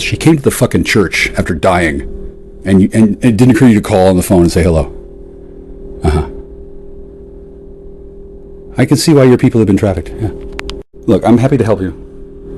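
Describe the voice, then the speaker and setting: A deep-voiced man rants at someone who isn't there, cursing and sneering as he goes. His delivery swings between mocking jabs and low muttering, with faint hiss behind him. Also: brisk, long pauses, a little mellow. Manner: profane, sarcastic, confrontational; lurching between jeering highs and muttered asides. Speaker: vlogger. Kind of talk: one-sided rant addressed to an absent woman.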